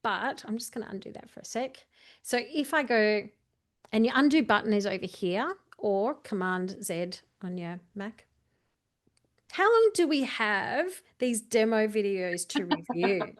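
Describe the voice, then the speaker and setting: A woman's voice: mid-range voice, expressive, measured pace. A woman coaching a video editing tutorial, chatty and walking through each step while correcting herself as she goes. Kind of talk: screen-share editing tutorial.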